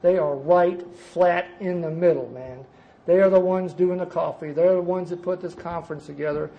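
An older man giving a personal recovery testimony at a conference, telling his story emphatically, jumping from loud bursts to quiet asides. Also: high voice, steady tone, normal speed, lo-fi sound. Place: conference gathering before a live audience.

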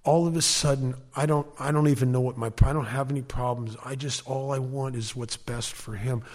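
A man's voice: mid-range voice, fairly even intonation, a little fast. A man speaking at a recovery meeting, telling his personal story in an earnest, emphatic way with flashes of wry self-mocking humor.

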